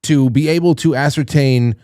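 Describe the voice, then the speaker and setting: A male host feels his way through long interview questions and drops in the odd joke. His voice sits mid-range and mellow, in a dry, close sound. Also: mid-range voice, dry recording. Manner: halting and searching, with joking asides.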